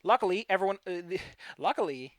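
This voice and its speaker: A man's voice: sits high, expressive, fairly quick, no room sound. A man running a tabletop game as game master, chatty and laughing often as he narrates.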